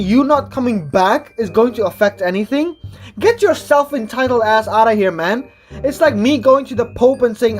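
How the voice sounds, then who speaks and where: Woman roasting a clip, sarcastic and mocking, highish voice, faint music under it. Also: animated, normal speed. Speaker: commentator. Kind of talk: comedic reaction commentary.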